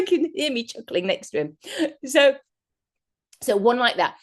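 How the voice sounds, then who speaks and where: A woman's voice: a little high, very animated, normal speed, pauses often. Woman, guest speaker, online workshop, chatty and rambling, laughs a lot, video call audio.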